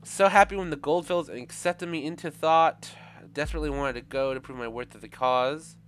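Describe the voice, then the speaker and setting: A man's voice: a little high, moderate pace, fairly bright tone, slight background noise, close to an everyday voice. A man reading an upset young woman's chat messages. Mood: weary.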